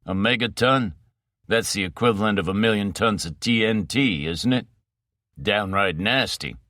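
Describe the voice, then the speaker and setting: A man voicing a blunt, hard-bitten agent who speaks with flat certainty. The low, bright voice comes through close and dry. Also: moderate pace, no echo. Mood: emphatic.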